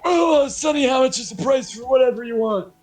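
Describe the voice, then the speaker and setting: A man doing a leering, loud old man with a cane. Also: very high-pitched, expressive, brisk, soft background music, voice pushed up, poor audio. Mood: boisterous. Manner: flamboyant, leering, shouty. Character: lecherous boastful old man with cane and beard.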